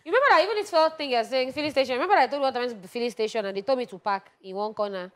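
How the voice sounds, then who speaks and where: A woman's voice: on the high side, very fast, fairly bright tone. A woman co-hosting an entertainment show, telling stories in a playful, chatty way. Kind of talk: casual studio banter. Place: TV studio.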